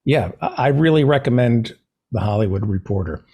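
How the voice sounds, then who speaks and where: A man hosting a casual talk show, joking in a dry, self-deprecating, deadpan way. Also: mid-range voice, normal speed, slightly rough. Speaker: podcast host. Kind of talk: casual chat.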